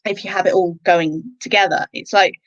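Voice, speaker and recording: A woman co-hosting an interview over a video call, chatty and jokey, acting out quotes in a bright, sudden voice. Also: fairly even intonation, fairly quick. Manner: chatty, jokey, acts out quotes with big pitch jumps. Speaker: co-host interviewer. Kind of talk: casual video-call chat. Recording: dull lo-fi video-call audio.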